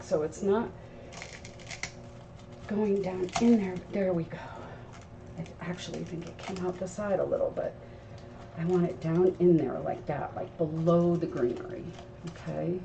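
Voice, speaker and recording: A woman's voice: lowish voice, steady tone, measured pace, gravelly, long pauses. Chatty woman teaching crafts, distant mic. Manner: chatty, instructive, talks to viewers while working. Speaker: craft show host. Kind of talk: live crafting tutorial. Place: craft table indoors. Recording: dull sound from off-mic with faint noise.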